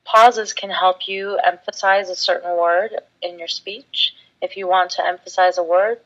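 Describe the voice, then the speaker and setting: Female instructor, lowish voice, measured scripted lesson delivery, slightly dull lo-fi sound. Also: steady tone, fairly bright tone.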